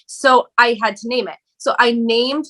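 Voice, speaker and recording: A woman talks candidly as a guest on a podcast. Her voice is bright and sits a little high. She tells her story with lively energy, casual swearing and frequent laughs. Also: measured pace.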